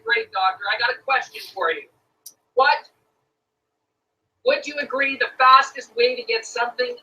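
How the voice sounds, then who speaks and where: A man with a Canadian accent tells a sales story with eager energy. His voice is high and bright. It comes from a distant speakerphone in a room. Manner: enthusiastic storyteller, addresses "folks". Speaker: guest speaker. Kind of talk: sales pitch by phone.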